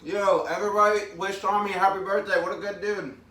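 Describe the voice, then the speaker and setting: Casting: upbeat male streamer, thirties, bright forceful voice, a little off-mic in an echoey room. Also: sits high, fairly even intonation, fast talker, distant mic. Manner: chatty, upbeat, talks with mouth full, reads comments aloud. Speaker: vlogger hosting a live eating show. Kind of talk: casual live-stream chat.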